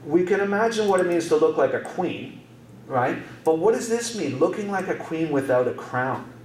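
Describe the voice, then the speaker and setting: A male English teacher walking his class through a lyric, repeating himself and tossing in little checks for understanding. His voice sits a bit high. It echoes around the room, picked up from a distance, with a faint hum beneath. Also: lively intonation, moderate pace, a little mellow. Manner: repetitive, checks in with rhetorical questions. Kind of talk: classroom lesson, explaining song lyrics.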